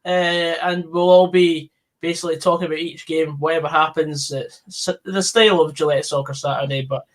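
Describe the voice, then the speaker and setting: A man's voice: fairly high pitch, fairly even intonation, normal speed. A man hosting a live football stream, chatting casually with co-hosts and reading out viewer comments, with plenty of fillers.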